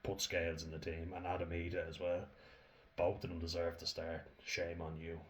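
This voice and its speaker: Deep-voiced Irishman, blunt and sweary. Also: completely flat delivery, moderate pace. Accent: Irish, Dublin. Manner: swears freely, rambling and blunt, laughs often. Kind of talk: casual ranting monologue.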